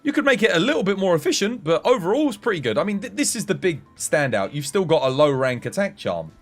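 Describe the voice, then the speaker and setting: An English man streaming a game and coaching his chat, relaxed and chatty. His voice sits a little high and moves around a lot as he talks. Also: quick pace, soft background music. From England. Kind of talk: casual livestream chat.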